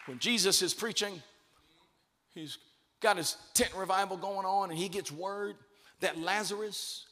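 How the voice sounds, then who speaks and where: A man preaching a sermon as a guest bishop, speaking emphatically and building to shouted declarations. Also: high voice, measured pace, some chatter behind. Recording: long reverb of a large hall.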